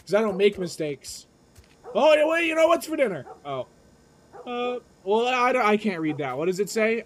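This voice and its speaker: A streamer giving live gameplay commentary, joking, excitable and swearing freely. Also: medium pitch, normal speed, a little hiss or hum.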